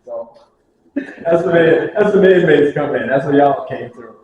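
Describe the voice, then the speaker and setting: A man telling lively stories about prison ministry to a group, acting out the voices of the people in them. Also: fairly high pitch, normal speed, dull audio. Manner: animated, acts out dialogue, laughs at own stories. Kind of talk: storytelling talk to a group. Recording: very echoey room with faint hiss.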